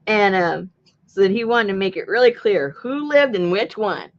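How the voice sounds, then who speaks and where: Rambling, laughing woman storyteller, lively pitch. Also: a little slow, pauses often, muffled recording. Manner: rambling storyteller, laughs often, acts out quotes. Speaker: junk journal crafter and channel host. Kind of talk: casual chat while crafting.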